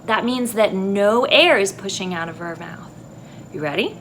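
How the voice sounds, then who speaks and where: A woman music teacher speaks to young children in a video lesson, slow and clear, at a medium pitch. She is alone in an empty classroom and a faint background hum is heard behind her. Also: animated.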